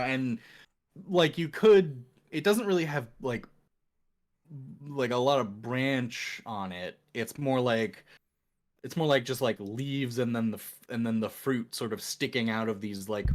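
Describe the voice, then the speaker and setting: A man as game master, describing a scene in a tabletop game with many pauses, fillers and restarts. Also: medium pitch.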